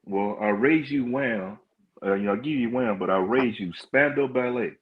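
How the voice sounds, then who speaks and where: A man's voice: medium pitch, normal speed, slightly rough. A man taking part in a casual music draft, teasing, with hesitant restarts, on dull lo-fi call audio. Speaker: draft participant. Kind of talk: casual group chat.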